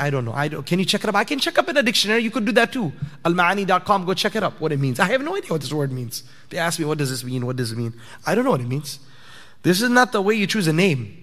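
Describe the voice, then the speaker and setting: A man's voice: on the high side, fairly bright tone. A man giving a conversational sermon in a mosque prayer hall, asking rhetorical questions and building to emphatic points. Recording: long hall reverb.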